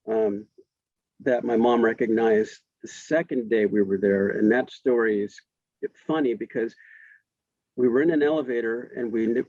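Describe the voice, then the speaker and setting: Man in his fifties, middle pitch, chatty storyteller, dry slightly dull recording. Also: a little mellow, no echo. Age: 50s. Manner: chatty, laughing, frequent restarts. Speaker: interview guest. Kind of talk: casual storytelling.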